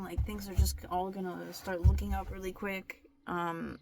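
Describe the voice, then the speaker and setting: A woman's voice: fairly low pitch, flat delivery, moderate pace, gravelly, hardly any pauses, darkish tone. A young woman in a candid, confessional vlog, talking straight to her camera with many restarts and fillers. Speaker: vlogger. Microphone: camera mic.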